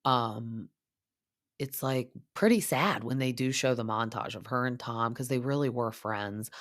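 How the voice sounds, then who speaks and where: A woman's voice: rumbling low, measured pace, dry recording, clean studio sound. Chatty, gossipy woman podcast host. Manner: chatty, gossipy, heavy use of "like". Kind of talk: casual reality TV recap.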